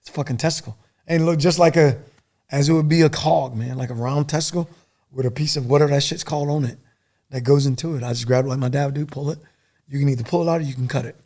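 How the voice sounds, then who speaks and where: Middle-aged male guest: rapid, gravelly, profane storyteller, animated and rambling. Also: medium pitch. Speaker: podcast guest, former soldier. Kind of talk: casual war storytelling.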